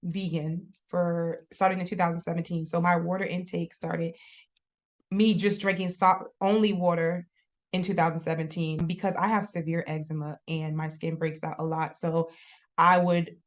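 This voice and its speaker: A young adult woman chatting casually as a podcast guest, expressive and quick to laugh. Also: lowish voice. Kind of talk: casual interview chat.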